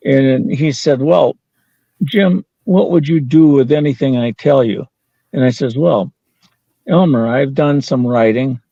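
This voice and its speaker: Speaking unhurriedly in a mellow, mid-range voice with some vocal fry, an older man recounts an anecdote as an interview guest. He voices the dialogue of the people in his story and laughs occasionally, captured in lo-fi audio with no room sound.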